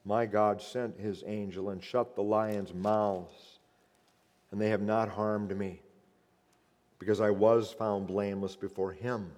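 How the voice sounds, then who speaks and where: A preacher giving voice to a steadfast prophet, a calm man who speaks low, quiet and solemn. The voice drops below his preaching tone and rings with a long hall reverb. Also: slow.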